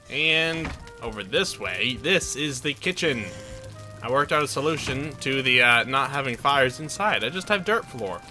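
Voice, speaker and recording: A man's voice: mid-range voice, pushed and bright. A man giving playful, chatty let's play commentary as he tours his game base, joking at his own expense. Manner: playful, chatty and self-mocking. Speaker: gaming channel host.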